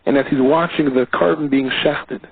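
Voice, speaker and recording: Rabbi telling a story over tinny audio. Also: male voice, normal speed, breathy edge, no echo. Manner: animated storyteller with sweeping pitch. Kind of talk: storytelling sermon.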